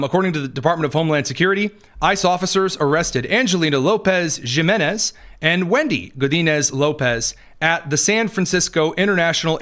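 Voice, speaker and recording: A man's voice: fairly high pitch, fairly bright tone. Sarcastic male political news host. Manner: sarcastic, conversational, digressive. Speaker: podcast host.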